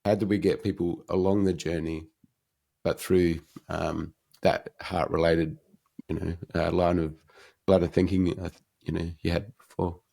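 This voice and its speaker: A man hosting the interview who asks halting questions, searching for his words. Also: low voice, flat delivery, gravelly, warm tone. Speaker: host.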